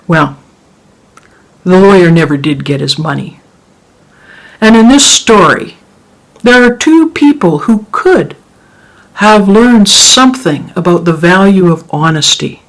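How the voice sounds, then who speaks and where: Slow expressive storyteller wrapping up the night, lots of pitch swings. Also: low-quality recording. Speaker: storyteller and event host. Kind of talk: told folk tale and closing remarks.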